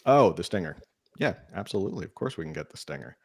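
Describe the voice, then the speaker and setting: Male co-host, low voice, dry and wry, casual podcast talk. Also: sing-song, fast talker, creaky, darkish tone, breathy edge. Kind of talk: casual political chat.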